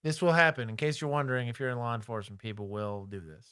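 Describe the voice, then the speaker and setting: A man's voice: medium pitch, fast, heavy background noise. A man from Texas, a former cop hosting a livestream, joking casually and explaining police procedure.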